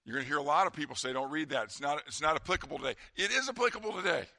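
A man preaching a sermon as pastor, talking conversationally and dropping to a quiet voice for emphasis. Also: medium pitch, rapid-fire, creaky, dry recording, studio quality.

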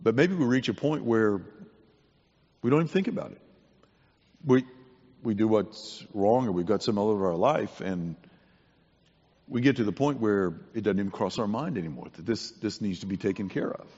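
A man's voice: on the low side, lively intonation, moderate pace, long pauses, a little mellow, husky. A man preaching a sermon to a congregation, earnest and conversational, often restarting his words. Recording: dull sound in a long-echo hall.

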